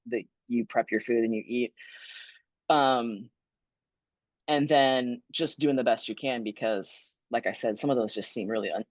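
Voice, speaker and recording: A woman's voice: rumbling low, no echo. A woman who was a fire battalion chief, answering webinar questions in an earnest, conversational way with frequent ums and restarts. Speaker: guest speaker, former fire battalion chief. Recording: dull lo-fi dry webinar audio.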